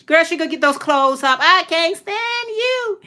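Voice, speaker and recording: A woman acting out her exasperated mother nagging a lazy child, in a raised, shrill voice. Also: lively intonation, normal speed, pushed and bright, heavily acted. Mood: scolding. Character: exasperated scolding mother, middle-aged woman.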